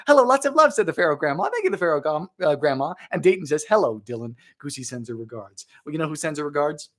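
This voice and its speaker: A playful young man hosting a live baking stream, chatting and joking as he reads viewer comments aloud. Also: fairly high pitch. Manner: playful, jokey, animated. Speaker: baking livestream host.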